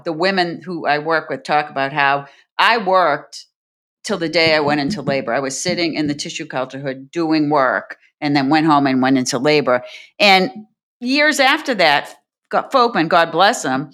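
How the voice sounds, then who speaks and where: Low-voiced chatty woman scientist. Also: a bit bright. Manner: chatty and anecdotal. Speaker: senior scientist. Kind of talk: conversational interview.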